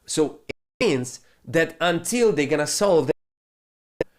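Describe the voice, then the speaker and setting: This is a man with a slightly high voice talking slowly, a crypto trading host ranting about the market. He swears freely, stays animated, and phrases things like a non-native speaker.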